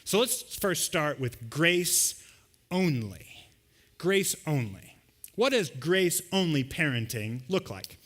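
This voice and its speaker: A man's voice: on the high side, big pitch swings, slow, a bit bright. A man preaching a sermon as pastor to a live congregation, talking in a loose conversational way and acting out everyday scenes. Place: church service with a live congregation.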